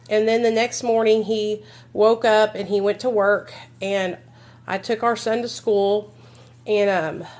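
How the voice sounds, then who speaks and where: A woman vlogger telling a personal story on a live stream, blunt and emphatic, swearing freely and talking straight to her viewers. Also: mid-range voice.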